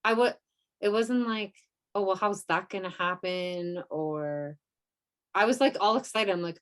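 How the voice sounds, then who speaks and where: A woman's voice: medium pitch, expressive, moderate pace. A woman co-hosting a podcast, telling a story in a casual, rambling way with lots of fillers and quoted asides. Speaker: podcast co-host. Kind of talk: casual chat.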